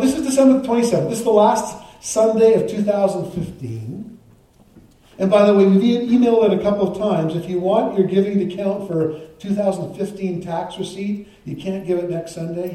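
Heard from afar in a heavily reverberant church sanctuary, a pastor from Canada offers a prayer before moving into a chatty sermon full of restarts and side remarks. He has a high voice with a dark tone.

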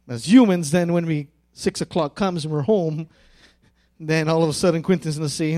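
A man's voice: a little high, mellow. A man preaching a sermon as pastor, earnest and emphatic, stretching out key phrases. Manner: earnest, drawn-out emphatic phrases building to fervent pleading.

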